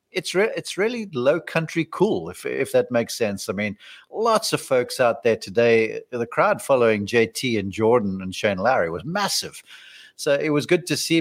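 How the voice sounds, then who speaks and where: A man of mid-range pitch talks golf in a loose, easygoing manner, pausing and restarting often. He sounds like a regular analyst chatting with a co-host. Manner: relaxed, rambling, many fillers and restarts. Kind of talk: casual golf analysis chat.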